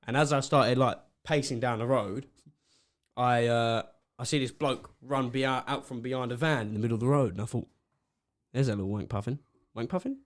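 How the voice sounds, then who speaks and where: A young man co-hosts a podcast, retelling events in an animated way. He swears and laughs as he goes. His voice has a middle pitch. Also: normal speed. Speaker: podcast co-host. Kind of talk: casual storytelling chat.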